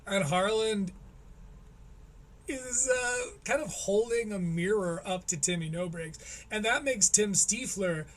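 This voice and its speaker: A man's voice: sits high, slow. A man hosting a live stream, giving sarcastic, profane commentary on a clip he is watching. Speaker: host.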